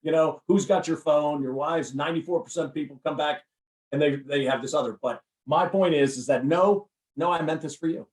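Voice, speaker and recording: A man speaking as a podcast guest, giving an energetic, emphatic motivational talk with lots of repetition. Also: on the high side, brisk, distant mic. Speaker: guest, recruiting firm CEO and speaker. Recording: roomy, off-mic sound.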